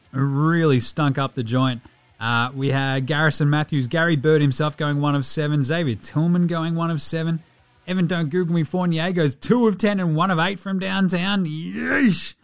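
A man with an Australian accent hosting a casual sports podcast, with sweary, jokey, rambling banter. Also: on the high side. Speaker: podcast host.

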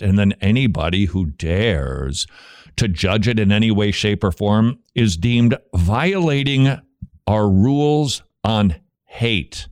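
Sarcastic, animated male talk host. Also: mid-range voice, no echo, clean studio sound. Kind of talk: opinionated commentary.

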